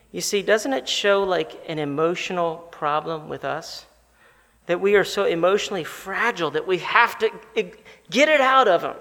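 A pastor delivers his sermon in a high voice with a gravelly edge. He is animated, slows for emphasis and puts questions to his listeners. His voice rings out in the long reverb of a large hall.

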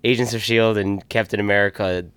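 A man co-hosting a podcast in casual chat, laid-back and quick to chuckle. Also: fairly low pitch, steady tone, a bit bright, clean tone, dry recording. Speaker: podcast co-host.

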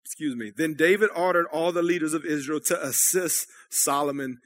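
A man's voice: fairly high pitch, normal speed, a bit bright. A man preaching a sermon at a church service, talking conversationally and checking in with the congregation. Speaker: pastor.

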